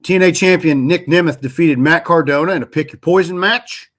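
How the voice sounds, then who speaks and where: A man's voice: fairly high pitch, fairly quick, fairly bright tone. A man co-hosting a laid-back podcast, talking through wrestling results in a loose, rambling way. He often stops to correct himself and backtracks mid-sentence. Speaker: podcast co-host. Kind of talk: casual chat about wrestling.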